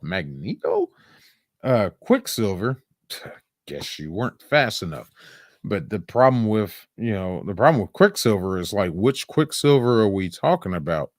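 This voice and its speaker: Animated laughing man reviewing movies. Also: fairly low pitch, measured pace, dry recording, studio quality. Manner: animated, laughing, profane, with lots of quoted voices. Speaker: podcast host. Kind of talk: casual movie review chat.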